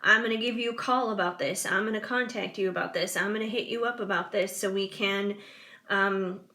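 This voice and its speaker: A woman's voice: mid-range voice, fairly even intonation, fairly quick, pushed and bright. Chatty woman giving a tarot reading. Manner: chatty, rambling, many fillers. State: yawning. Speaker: tarot reader. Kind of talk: casual tarot reading to viewers.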